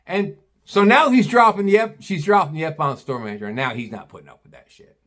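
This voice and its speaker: A man's voice: on the high side, a little fast, fairly bright tone. A retired butcher in his sixties telling a rambling, profane story about a customer. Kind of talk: casual storytelling.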